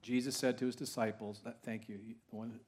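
Animated male preacher peppering his congregation with questions. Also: medium pitch, quick pace, slightly rough. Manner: swings from hushed asides to loud, rising exclamations. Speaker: pastor. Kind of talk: sermon. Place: church sanctuary with a live congregation.

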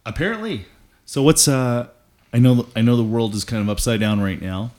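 A man's voice: mid-range voice, normal speed, darkish tone. A man from Alberta hosting a casual interview, laid-back and rambling in his questions. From Alberta, Canada. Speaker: podcast host.

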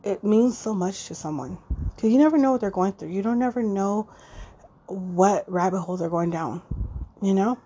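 Woman host, 30s, raw emotional monologue with plenty of swearing and fillers, mid-pitched voice. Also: moderate pace, warm tone, highs cut off, a little hiss or hum. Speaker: podcast host. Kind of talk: casual personal monologue.

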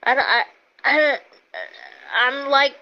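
High-voiced woman ranting, slow and dull-sounding. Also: steady tone, bright, forceful tone. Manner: swearing, exasperated, stammering restarts. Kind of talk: angry rant. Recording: dull lo-fi sound with faint noise.

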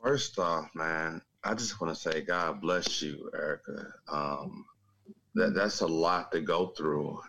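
A man co-hosting an interview, asking gentle, measured questions. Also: extremely low pitch, a little hiss or hum, poor audio. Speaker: co-host. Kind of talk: interview conversation.

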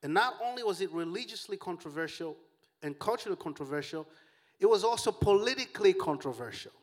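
Pastor, male, high-pitched voice, lively joking sermon delivery. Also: fairly quick. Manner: animated, joking preacher who calls out to the congregation.

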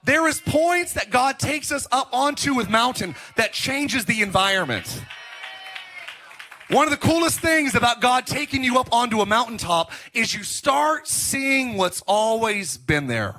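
A middle-aged man preaching a sermon as pastor, telling stories in an animated, joking way. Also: very high-pitched, a little slow, soft background music. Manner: animated, joking storytelling with laughs.

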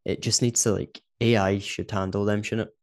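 Chatty Scottish man, low voice. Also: level tone, normal speed. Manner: chatty, laughs often, says "do you know what I mean". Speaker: podcast co-host. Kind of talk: casual chat.

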